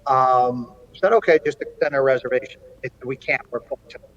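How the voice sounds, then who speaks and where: A middle-aged man, a college hockey coach, telling an animated story in an interview, with plenty of ums and restarts. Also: mid-range voice, a little fast, muffled recording. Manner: animated anecdote-telling with frequent fillers.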